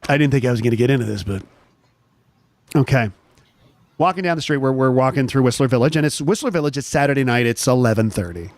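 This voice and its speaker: A man's voice: medium pitch, quick pace, no echo. A man hosting a chat show, telling a story casually with lots of restarts. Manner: animated storyteller, restarts often.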